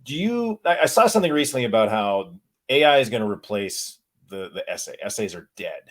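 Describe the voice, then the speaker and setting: A middle-aged man hosting a podcast interview, relaxed and wry, thinking aloud and repeating words as he goes. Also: fairly low pitch, fairly quick. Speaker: podcast host. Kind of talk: casual conversational interview.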